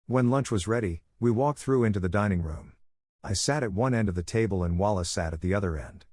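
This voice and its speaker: Low-voiced man reading a story. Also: a little fast, darkish tone, no echo. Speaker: story narrator. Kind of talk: scripted narration.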